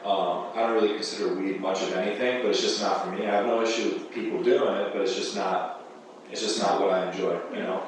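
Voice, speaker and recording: A man's voice: sits low, fast talker. A man guest on a podcast telling a wild story in casual chat, swearing constantly and laughing as he goes. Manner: animated, profane, laughing storyteller. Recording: echoey room, distant mic, faint noise.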